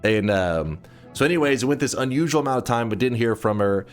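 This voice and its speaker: A man's voice: mid-range voice, lively intonation, brisk, faint music behind. A man streaming a game, telling a rambling story casually, swearing and breaking off mid-sentence. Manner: rambling, profane, self-interrupting. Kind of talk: casual storytelling while gaming.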